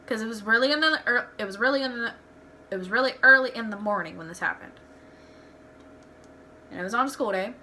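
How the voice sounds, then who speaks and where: Bright-voiced young vlogger woman. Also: fairly high pitch, fairly quick, long pauses. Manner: candid, rambling, with frequent restarts. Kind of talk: casual storytelling vlog.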